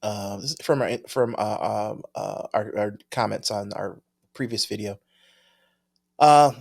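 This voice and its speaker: A man's voice: lowish voice, measured pace, vocal fry, a little mellow. A man co-hosting a podcast in casual chat, easygoing, thinking aloud and chuckling often as he reads viewer mail. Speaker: podcast co-host.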